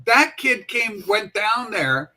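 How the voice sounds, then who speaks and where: A woman's voice: medium pitch, very animated, slow pace, sharp tone. A woman in her seventies hosting a livestream show, chatting in a rambling, folksy way and swearing casually.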